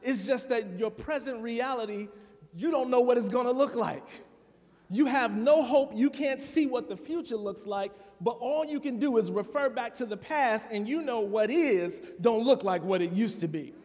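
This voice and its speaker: A man from Chicago preaching a sermon in a church, talking conversationally to the congregation and building to loud, emphatic peaks. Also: very high voice, normal speed. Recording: long reverb of a large hall.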